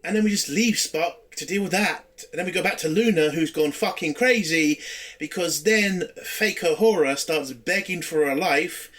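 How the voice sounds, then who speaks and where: Male reviewer, slightly high voice, dry sarcasm and frequent swearing. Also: a bit bright. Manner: sarcastic, swearing, rambling recap. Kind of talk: casual spoken review.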